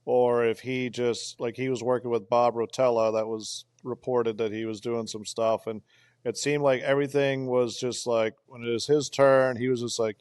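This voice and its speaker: A man with a smooth, resonant voice chats casually and runs through quick recaps. He is recorded on a close mic with a dry sound. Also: mid-range voice, steady tone, darkish tone, no echo. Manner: chatty, recaps picks in quick lists. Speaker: podcast co-host. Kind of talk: casual chat.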